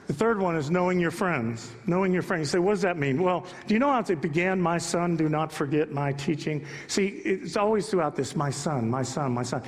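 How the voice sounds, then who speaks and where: Guy pastor preaching to his church, kinda high voice, lots of asides, echoey sanctuary. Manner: conversational, emphatic preaching with asides to the congregation. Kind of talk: sermon.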